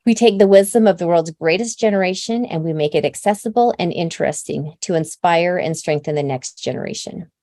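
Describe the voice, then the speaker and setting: A woman with a mellow, warm voice addresses her new team with eager, grateful energy. The recording sounds close and dry, with little room sound. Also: fairly low pitch, brisk, hardly any pauses, no room sound. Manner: enthusiastic and grateful. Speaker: company founder.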